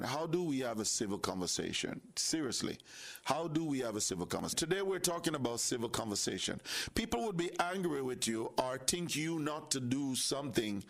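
Gravelly man hosting a faith talk show. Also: mid-range voice. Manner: preacherly, repeats phrases, addresses audience directly.

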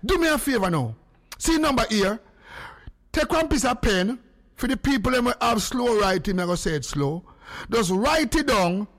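A Jamaican man hosting a radio live stream, excitable and quick, calling hello again and again. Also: very high-pitched. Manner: excitable, rapid, calls hello over and over. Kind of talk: casual live-stream chat.

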